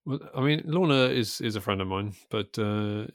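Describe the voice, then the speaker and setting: A man's voice: fairly low pitch, normal speed, dry recording, clean studio sound. English man, musing and teasing. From England. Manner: musing, rambling, teasing questions. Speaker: podcast co-host. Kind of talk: casual chat.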